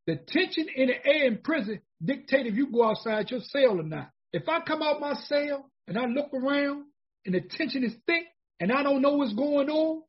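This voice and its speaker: A man's voice: very high-pitched, slightly rough. A man in his forties from the United States telling his own story in an emphatic, repetitive, conversational way. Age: 40s. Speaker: formerly incarcerated speaker. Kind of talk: personal storytelling talk. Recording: dull lo-fi recording.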